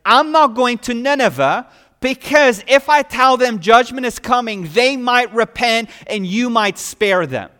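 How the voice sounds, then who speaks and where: A preacher voicing the prophet Jonah, complaining angrily to God with accusing questions. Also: male voice, very high-pitched, lively intonation, measured pace, bright, forceful tone, big-room sound, pitched above the performer's own voice, full character voice. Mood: indignant. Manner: heated, accusing rhetorical questions.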